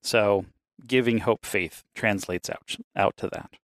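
A man's voice: lowish voice, steady tone, measured pace, a bit bright, dry recording. A man co-hosting a casual chat, rambling and swearing freely, often laughing between points.

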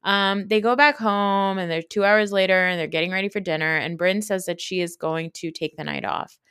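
A woman's voice: fairly low pitch, normal speed, smooth, no echo, clean studio sound. A young adult woman hosting a podcast, recapping a reality show in a blunt, profane, casual rant full of "like.". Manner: blunt, profane, animated ranting with frequent "like". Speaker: podcast host.

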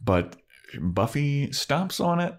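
A man's voice: on the high side, big pitch swings, slow pace. A man co-hosting a podcast, casually recapping a TV episode and acting out the characters' lines with laughter. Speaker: podcast co-host.

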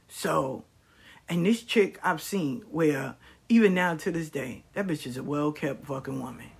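A woman with a husky, breathy edge to her voice holds forth in a candid storytelling monologue. She talks bluntly and swears freely, leaning hard on her emphasis. Now and then she slips into mimicking the people in her stories. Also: on the low side. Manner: mimics people in quoted asides.

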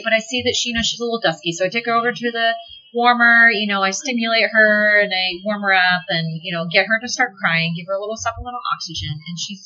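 Woman guest, animated storyteller, bright ringing voice, laughs a lot. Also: mid-range voice, highs cut off. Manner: animated, laughs often, swears casually. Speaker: podcast guest, delivery nurse. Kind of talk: casual chat, storytelling.

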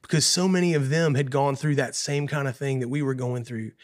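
A man's voice: mid-range voice, fairly even intonation, fairly quick. Earnest man telling a painful story. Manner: earnest, emotional, repeats phrases and says "man" often. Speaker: guest musician. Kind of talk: heartfelt personal storytelling.

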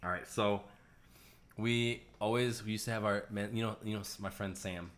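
Rambling low-voiced podcast storyteller man. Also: steady tone, a bit bright. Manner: rambling, lots of "like", quick laughs. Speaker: podcast co-host. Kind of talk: casual storytelling chat.

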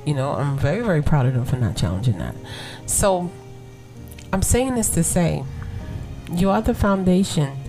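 A woman in her forties with a low, warm-toned Brooklyn voice hosts a casual podcast for women. She talks conversationally, laughs often and keeps asking her listeners "right?", while faint music plays behind her. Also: sing-song, normal speed, pauses often. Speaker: podcast host.

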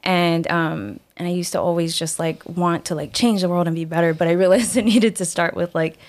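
A young woman with a lowish voice, a guest in a casual interview. She tells a personal story with energy, switching into the voices of the people she quotes and scattering filler words. Her talk is easygoing and heartfelt. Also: steady tone, fairly quick, a little mellow. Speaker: guest, singer-songwriter.

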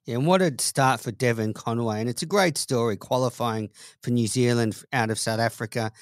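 Guy hosting a cricket show, mid pitch, steady newsy read, dry close mic. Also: fairly quick, no room sound. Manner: clear, steady presenter delivery. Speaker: host. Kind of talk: podcast hosting and news reading.

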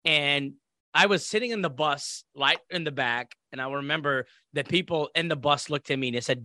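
Bright-voiced man telling a story. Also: medium pitch, brisk, no room sound, clean studio sound. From Iraq. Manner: animated, acts out quoted voices. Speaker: interview guest. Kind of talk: casual storytelling.

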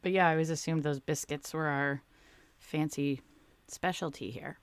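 A woman from Washington state co-hosting a podcast in casual chat, playful and trailing off softly. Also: sits low, steady tone, normal speed, smooth, no room sound. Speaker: podcast co-host.

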